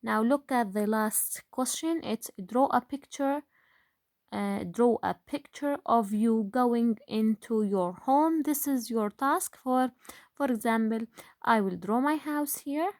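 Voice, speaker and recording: A woman guides young children through a phonics lesson at a very slow, patient pace. She fills pauses with "uh" and "um" and keeps asking questions back to the class. The recording is close and dry. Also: a little high, darkish tone, dry recording. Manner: slow, patient, with frequent fillers and rhetorical questions. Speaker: grade one teacher.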